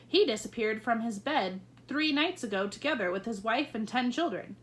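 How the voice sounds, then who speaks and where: A woman's voice: fairly high pitch, animated, normal speed, lightly acted. A woman reading aloud, voicing a blunt, matter-of-fact male sultan.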